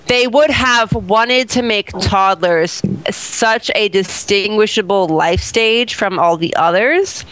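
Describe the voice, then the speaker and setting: A woman's voice: mid-range voice, slow, few pauses, fairly bright tone, rough recording. A woman with a slight lisp, co-hosting a podcast in rambling, casual chat. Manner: chatty, rambling, with restarts and giggles. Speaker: podcast co-host.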